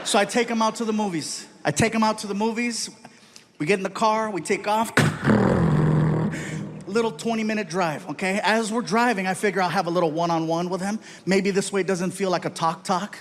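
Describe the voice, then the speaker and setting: High-voiced animated stand-up comic. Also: male voice, moderate pace, long pauses, noisy background. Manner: animated, punchy, shouts punchlines. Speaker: stand-up comedian. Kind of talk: stand-up storytelling.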